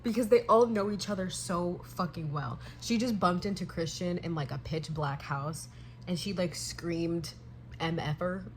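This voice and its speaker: A woman's voice: lowish voice, moderate pace, a little hiss or hum. A woman vlogging casually about a book she is reading, gushing and swearing freely as she talks. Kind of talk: casual chat.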